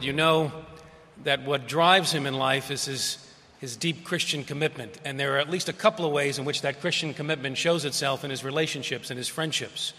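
A man giving a public lecture as guest speaker, telling stories with quick asides. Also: on the high side, pushed and bright, long reverb tail.

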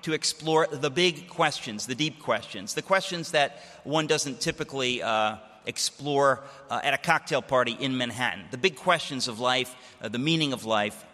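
A man's voice: mid-range voice, moderate pace, hardly any pauses, pushed and bright, big-room sound. A man hosting an event and introducing a speaker in an earnest way, with fillers. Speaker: event host.

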